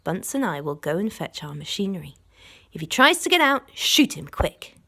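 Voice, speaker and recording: A long, thin farmer takes charge with curt, commanding orders, as a woman puts him on. Her pitch is lively and climbs up for the shouts. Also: moderate pace, vocal fry, exaggerated voice.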